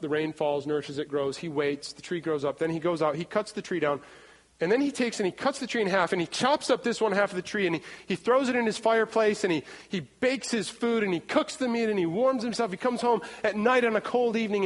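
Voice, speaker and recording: A man in his thirties preaching a sermon in an animated way, acting out scenes and repeating words as he goes. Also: high voice, brisk. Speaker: pastor. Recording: long hall reverb.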